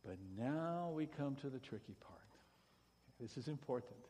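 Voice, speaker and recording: A pastor giving a sermon, shifting from hushed, pleading passages to loud, emphatic preaching. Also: male voice, medium pitch, expressive, moderate pace, in a large hall.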